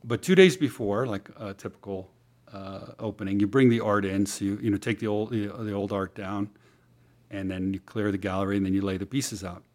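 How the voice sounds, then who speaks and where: A man with a somewhat low voice tells a story as an interview guest. He talks casually and lively, with plenty of fillers, restarts and repeated words. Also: brisk.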